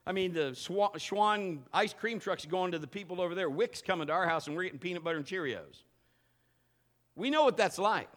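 A middle-aged man preaching a sermon in a church service, telling personal stories with loud bursts and quiet asides. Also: brisk. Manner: animated storytelling, swinging between loud bursts and low asides. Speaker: pastor.

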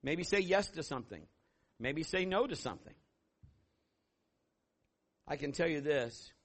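A middle-aged man preaching a sermon as pastor, telling stories and acting out voices with sudden loud bursts. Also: on the high side.

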